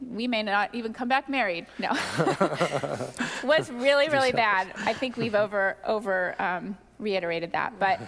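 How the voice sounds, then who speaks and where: Middle-aged woman, higher voice, candid testimony sermon, long hall reverb, animated and self-deprecating. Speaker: pastor's wife sharing testimony.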